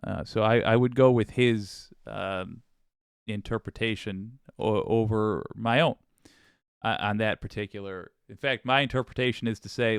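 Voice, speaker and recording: A man's voice: lowish voice, vocal fry, fairly bright tone, smooth, dry recording, studio quality. A man hosting a live-streamed political commentary show, talking casually in rambling, self-interrupting asides. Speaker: show host.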